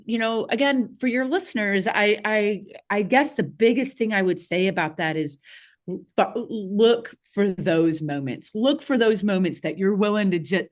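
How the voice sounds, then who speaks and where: A woman, a podcast guest telling a childhood story in a casual, animated way with frequent laughs and fillers. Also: medium pitch. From Southeast Missouri, USA.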